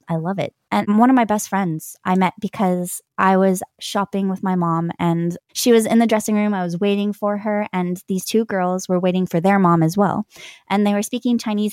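A woman's voice: medium pitch, a little mellow, dry recording, clean studio sound. A woman guest telling stories in a casual interview, chatty and laughing often. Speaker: guest, language learner.

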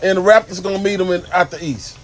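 A man's voice: high-pitched, steady tone, fast. A man chatting casually and profanely about sports in a busy barbershop, firing off questions. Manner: loud, profane, keeps asking questions. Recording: loud crowd chatter behind.

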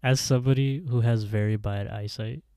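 A man's voice: mid-range voice, steady tone, normal speed, warm tone, smooth, dry recording, studio quality. A man co-hosting a podcast, recapping an episode in a rambling, casual way and acting out the characters' lines with laughs. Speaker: podcast co-host.

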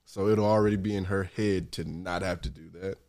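A man's voice: low-pitched, fairly even intonation, fairly quick, darkish tone. A young man, chatting casually with friends, laughing a lot and acting out quotes. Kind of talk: casual group chat.

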